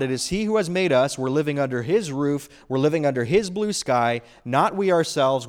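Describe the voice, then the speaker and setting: A middle-aged man preaching a sermon as a pastor in his church, earnest and building emphasis on key phrases. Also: on the high side.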